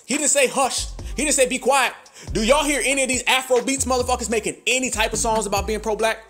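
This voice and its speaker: A man with a notably high voice delivers a fiery, preachy podcast monologue. He fires off rhetorical questions and punctuates them with profane slang. Faint music sits under his voice. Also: fast, fairly bright tone. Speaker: podcast host.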